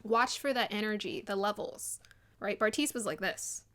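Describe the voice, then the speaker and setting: A young woman giving casual, animated commentary on a dating show, acting out quotes in an excited voice. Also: mid-range voice, moderate pace. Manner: chatty and animated, mimics people in quotes.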